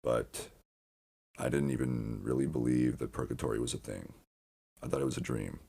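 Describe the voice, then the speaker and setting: A man with an extremely deep voice and a gravelly rasp running through it. He talks in a loose, wandering podcast monologue, doubling back mid-sentence and swearing casually. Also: fairly even intonation, normal speed, warm tone. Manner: meandering, frequent restarts and swearing. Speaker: podcast host.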